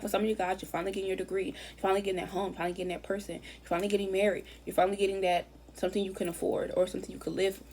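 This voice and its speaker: A woman's voice: medium pitch, background noise. A woman giving a casual tarot reading, chatty and rambling, often repeating herself and dropping slang. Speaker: tarot reader.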